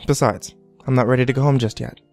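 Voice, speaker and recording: A man voicing a husband who talks in a smooth, quietly assured way with a hidden menace. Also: medium pitch, fairly even intonation, fast, soft background music, lightly acted. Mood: calm assured.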